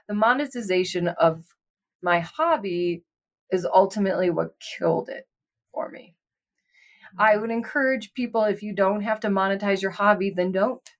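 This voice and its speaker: Woman co-host, casual chat, musing and sincere, even middle pitch. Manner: rambling, heartfelt, chatty. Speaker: podcast co-host.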